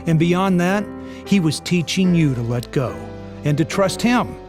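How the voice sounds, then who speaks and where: A man reading a scripted radio spot in a warm, earnest way. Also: sits high, lively intonation, unhurried. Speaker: parenting radio spot host. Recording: radio spot over a music bed.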